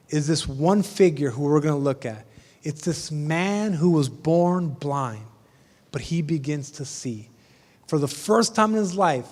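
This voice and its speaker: A man with a high voice delivers a sermon, telling the story in a relaxed, conversational way with humorous asides. He sounds like a pastor in a church sanctuary, and a long reverb rings after his words.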